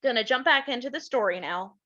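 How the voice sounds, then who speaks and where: A woman reading a storybook aloud to children, stopping to explain things gently to her young listeners. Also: on the high side, animated, fairly quick, highs cut off.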